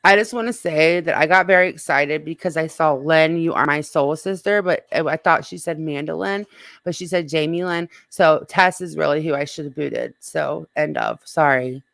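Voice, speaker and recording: Gravelly, bright-voiced woman streamer. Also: low voice, moderate pace, no room sound. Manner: flustered, apologetic, swearing. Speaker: live stream host. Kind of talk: casual live chat.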